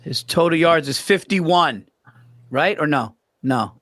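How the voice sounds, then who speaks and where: A man's voice: on the high side, animated, slow, fairly bright tone. A man co-hosting a casual sports podcast, talking football betting picks in a loose, laughing way. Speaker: podcast co-host.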